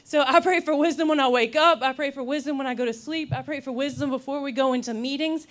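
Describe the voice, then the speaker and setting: A young woman preaching a sermon in a lively, laughing, storytelling way. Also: sits high, fast talker. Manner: animated, laughs often, acts out quotes.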